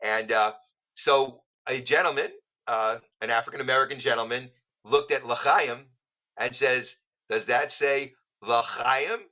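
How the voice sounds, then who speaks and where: A man's voice: mid-range voice, steady tone, unhurried, bright, forceful tone, low-quality recording. A man, a musician guest on a podcast, telling jokey stories in casual chat. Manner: joking storyteller.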